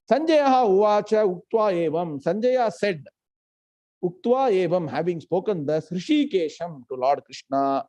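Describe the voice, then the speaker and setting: A man teaching a live scripture class, chanting verses slowly and questioning his students. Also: high-pitched, darkish tone. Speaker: Gita teacher.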